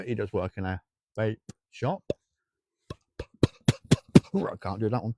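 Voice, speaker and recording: A man with a lowish, steady, slightly mellow voice speaks slowly and pauses often. He's running a live ghost hunt outdoors at night by old railway tracks, rambling, joking and greeting his viewers by name, though his throat is sore and dry.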